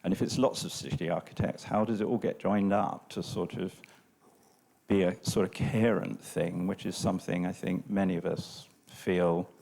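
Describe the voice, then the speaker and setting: A man from the audience with a slightly croaky voice, asking a long, musing question. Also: low voice, steady tone, normal speed, a little mellow.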